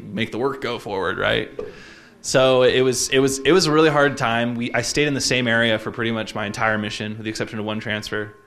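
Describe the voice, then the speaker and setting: A man in his twenties from Utah, telling a personal story in a casual, reflective way, halting often with fillers and restarts. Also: fairly low pitch, fairly bright tone.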